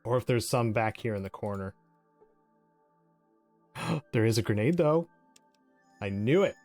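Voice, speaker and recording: A man's voice: mid-range voice, lively intonation, measured pace, darkish tone, no room sound, soft background music. A man giving casual game commentary, chatty and giggly, often restarting his sentences. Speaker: let's play host.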